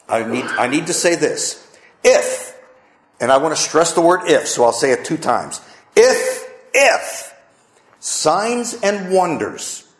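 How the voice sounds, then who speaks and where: Emphatic preacher in an echoey church. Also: male voice, medium pitch. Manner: emphatic, rhetorical questions, repeats for stress. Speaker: pastor. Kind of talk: sermon. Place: church sanctuary with congregation.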